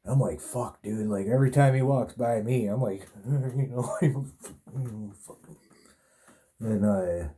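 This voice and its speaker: A man's voice: mid-range voice, unhurried, mellow, a little hiss or hum. A man hosting a podcast, telling a long, rambling personal story in a laid-back way, full of swearing and fillers. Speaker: podcast host.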